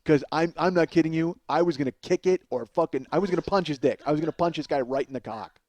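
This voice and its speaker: This dry recording captures a man's slightly high voice at a quick pace. He's a comedian host delivering a long, profane story on his own, animated and laughing partway through his sentences.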